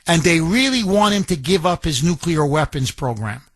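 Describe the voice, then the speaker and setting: A man hosting a talk radio show, telling a story in an animated way and acting out quotes. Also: a little high, moderate pace, no echo.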